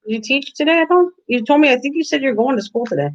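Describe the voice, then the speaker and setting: Older woman, chatty live-stream host, slightly high voice, kitchen, dull lo-fi sound. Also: animated, fast talker. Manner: chatty, talks to viewers by name, laughs often. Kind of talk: casual live-stream chat. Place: home kitchen. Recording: lo-fi stream audio.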